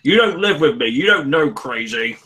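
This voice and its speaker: Guy hosting a gaming show, kinda high and sharp-sounding, blunt and grumbly about old games. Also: lively intonation, normal speed. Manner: blunt, grumbling opinions with mock-quoted reactions. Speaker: show host. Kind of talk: casual gaming chat.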